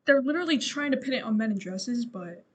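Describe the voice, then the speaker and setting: A young woman co-hosting a podcast in casual chat, halting often and swearing freely. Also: a little high, animated, slight background noise. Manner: halting, swearing, heavy on fillers. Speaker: podcast co-host.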